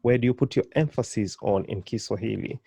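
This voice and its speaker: A man teaching an online beginners' language lesson, encouraging and patient, repeating and drilling each word slowly. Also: lowish voice, gravelly, mellow, husky, no room sound.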